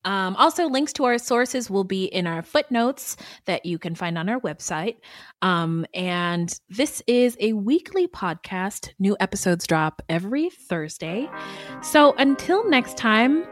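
A woman co-hosting a podcast in casual chat, blunt and animated, who swears freely. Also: mid-range voice, measured pace, faint music behind. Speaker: podcast co-host.

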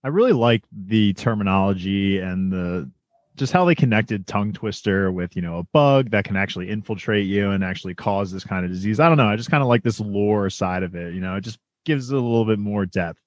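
A man co-hosting a casual show recap, relaxed, swearing, and hedging his opinions. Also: on the low side, brisk, no room sound, muffled recording. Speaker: podcast co-host.

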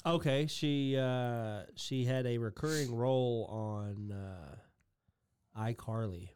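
A man co-hosting a podcast, reading out film credits in a casual, halting way with many pauses and fillers. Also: medium pitch, a little mellow, clean tone, no echo. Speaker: podcast co-host. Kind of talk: casual chat.

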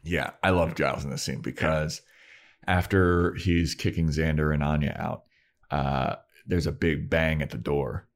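Deep-voiced man recapping casually. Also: unhurried. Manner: animated storyteller, acts out quotes. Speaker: podcast co-host. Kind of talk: casual chat recapping a TV episode.

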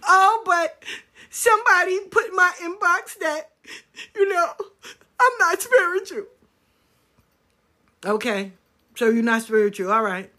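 A woman's voice: very high voice, expressive, unhurried, pauses often, bright, forceful tone. A woman who reads spiritual cards, ranting to her viewers in a blunt, profane, emphatic way. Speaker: spiritual card reader. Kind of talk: casual rant to viewers.

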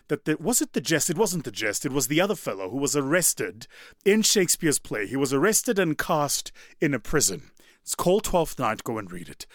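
A man giving a motivational talk, his pitch sitting a little high and swinging widely as he leans into points. He talks in an animated, conversational way, and the sound is dry and close. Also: no echo. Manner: animated, conversational, asks the audience. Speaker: public speaker.

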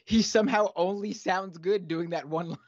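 A man's voice: high-pitched, fairly even intonation, normal speed, dry recording. A man on a podcast panel, chatting casually and dropping wry, joking asides. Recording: dull lo-fi dry mic.

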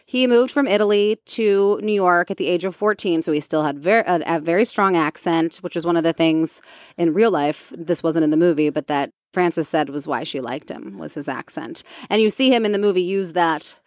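A woman co-hosting a podcast, chatting casually as she retells a movie story, animated and quick to slip into playful impressions. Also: lowish voice, no echo, clean studio sound. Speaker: podcast co-host.

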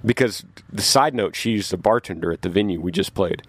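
A man who tours as a musician, telling a story in a casual podcast from his tour bus, getting animated as he recounts his confusion. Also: fairly quick, hardly any pauses, no room sound. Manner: animated, rises in pitch when recounting confusion. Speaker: touring musician. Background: train passing.

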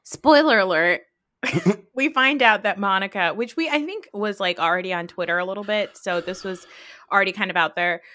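A woman hosting a podcast in casual chat, excitable and quick to laugh. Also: mid-range voice. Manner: laughs often, gushing and excitable. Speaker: podcast host.

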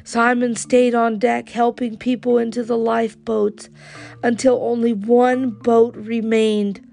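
Woman reading a kids' story out loud, slow and expressive, soft music in the back. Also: on the high side, creaky. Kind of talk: storybook read-aloud.

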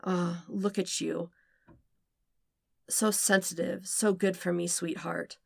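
A woman reading a podfic, voicing a dominant young man who murmurs softly and coaxingly. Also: fairly even intonation, moderate pace, vocal fry, dry recording, clean studio sound. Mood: tender murmur. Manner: soft, low, coaxing murmur.

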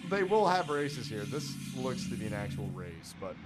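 A man's voice: medium pitch, big pitch swings, normal speed, loud music behind the voice. A young man co-hosting a podcast in casual chat, rambling and swearing as he reacts to car videos. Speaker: podcast co-host.

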